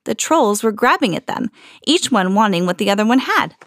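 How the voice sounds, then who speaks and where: A woman reading a children's storybook aloud in an expressive, storytelling manner. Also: mid-range voice, brisk, a little hiss or hum. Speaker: podcast host reading to children.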